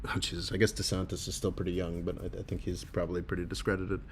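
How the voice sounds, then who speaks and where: A tired man hosting a casual livestream and reading viewer comments aloud, rambling and halting with many fillers, sardonic and laughing at his own jokes. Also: deep voice, flat delivery, husky. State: tired and low. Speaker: livestream host reading super chats.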